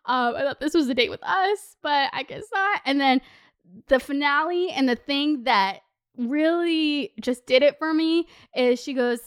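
A young woman with a bright, high voice tells a storytime on her vlog. She talks in an animated way and swears freely, her delivery wavering between laughing and almost crying. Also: a little slow. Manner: animated, profane, swings between laughing and near-tears. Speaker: vlogger.

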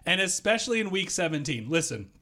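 A man in his thirties co-hosting a sports betting podcast, giving advice in a measured, conversational tone. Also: high voice, very animated, bright, forceful tone. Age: 30s. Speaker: podcast co-host.

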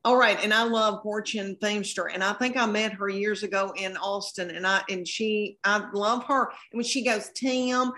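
A woman's voice: mid-range voice, steady tone, moderate pace, hardly any pauses, pushed and bright. A woman, a comedian guest chatting on a podcast in a folksy, self-deprecating way. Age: 50s. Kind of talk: casual podcast chat.

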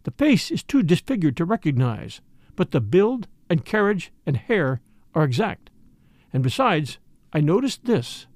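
A man voicing a composed young woman who quietly answers questions at a crime scene in an audiobook. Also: on the high side, unhurried, dry recording, studio quality. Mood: subdued. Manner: quiet, steady, slightly shaken.

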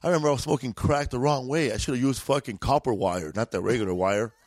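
Slangy, profane LA comedian. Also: male voice, medium pitch, quick pace, a little mellow, no echo. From East Los Angeles. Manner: profane, laid-back, drawling street slang. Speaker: guest comedian. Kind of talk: casual storytelling.

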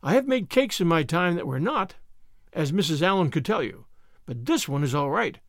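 A man's voice: a little high, sing-song, moderate pace, dry recording, studio quality. A man reading aloud and voicing an impulsive teenage girl who talks in earnest, gushing runs. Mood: relieved, eager. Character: eager talkative teenage girl, impulsive and apologetic.

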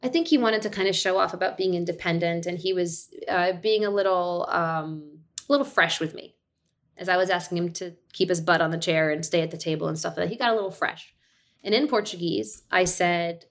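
Animated woman telling a family story. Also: lowish voice, a little fast. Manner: animated storyteller, acts out quotes, laughs easily. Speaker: podcast guest, actor and director. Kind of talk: casual storytelling chat.

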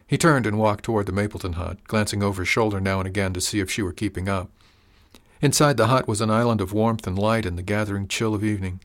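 A man narrates a storybook in a calm, measured way. His voice sits a little low, and he reads at an unhurried pace. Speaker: audiobook narrator.

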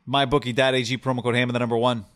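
A man's voice: mid-range voice, flat delivery, a bit bright, clear, resonant tone. A man co-hosting a casual sports podcast, rattling through ad reads and mailbag questions. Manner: rapid ad reads, playful. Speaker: podcast co-host.

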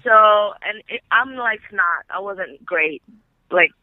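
A man with a notably high voice, calling in and telling his story in loose, meandering phrases studded with "like". His voice arrives through a thin, phone-like line, dry and close with no room around it. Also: slow pace, dry recording. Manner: rambling, heavy use of "like". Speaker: caller. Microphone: telephone.

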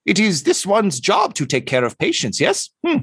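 A shrill, fussy bird-creature doctor, his voice leaping high and swooping through its lines. He calls himself "this one" and keeps humming "hmm" between questions, in a dry, close tabletop-game recording. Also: huge pitch swings, moderate pace, a bit bright, husky, no echo, exaggerated voice. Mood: eager. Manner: refers to himself as "this one", hums "hmm" often. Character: tall spindly male bird-creature doctor, inquisitive.

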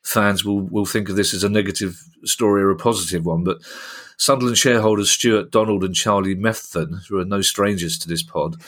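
A man's voice: deep voice, a little fast, hardly any pauses, a bit bright. A man hosting a casual podcast in a jokey, teasing manner. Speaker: podcast host.

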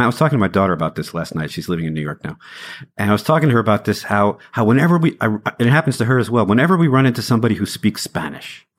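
A middle-aged singer-songwriter talking in a thoughtful, conversational way as an interview guest, laughing easily and restarting his phrases. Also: lowish voice.

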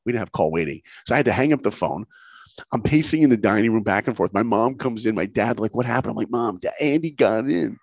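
Brief: middle-aged male guest, a dry close sound, punchy and animated, acts out every line. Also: fairly low pitch, quick pace, slightly rough, dry recording. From New York. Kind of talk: motivational storytelling.

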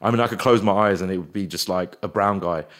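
A man, chatting as a guest in an interview and often slipping into quick put-on voices and impressions. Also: deep voice. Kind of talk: casual interview chat.

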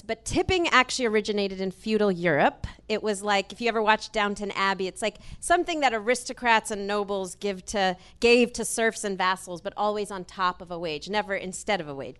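A woman on a panel explaining a topic in a relaxed, casual way. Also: mid-range voice, normal speed, clean tone.

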